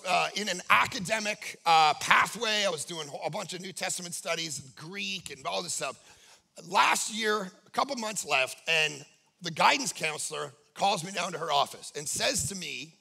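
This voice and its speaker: A male pastor telling a story-driven, jokey sermon with a very high, gravelly voice. His pitch leaps around with lively swings, and his bright, husky tone cuts through as he acts out the voices he quotes.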